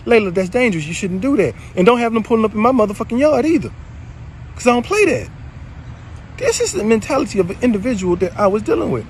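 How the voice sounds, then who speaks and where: A man casually telling viewers a story, animated and swearing freely, swinging between loud and low. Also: slight background noise. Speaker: spiritual video creator.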